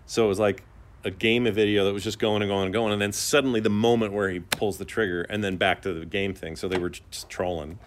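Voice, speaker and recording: A middle-aged man co-hosting a podcast, telling stories in a chatty, animated way. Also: fairly low pitch, fast talker, noisy background. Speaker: podcast co-host. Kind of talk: casual chat.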